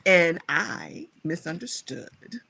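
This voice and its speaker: A woman guest speaker, a scholar and writer, telling her personal story in a reflective, animated way. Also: lowish voice, slow, gravelly, husky. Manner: animated, acts out her own past dialogue.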